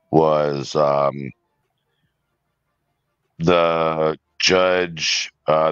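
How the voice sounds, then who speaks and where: A man speaking as a panel guest on a livestream, in a measured, cautious way with frequent ums. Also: extremely low pitch, a bit bright, smooth, dry recording. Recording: dull lo-fi dry call audio.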